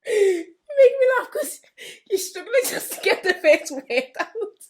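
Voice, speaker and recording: A woman's voice: very high-pitched, sing-song, measured pace. A woman co-hosting a casual podcast chat, teasing and laughing often. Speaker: podcast co-host.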